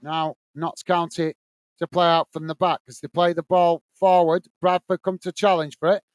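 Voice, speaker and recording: A man's voice: fairly high pitch, little pitch movement, normal speed, clear, resonant tone, no echo. A man hosting a football watch-along, calling the play casually and reading out viewer messages. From England. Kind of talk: live fan commentary and chat reading.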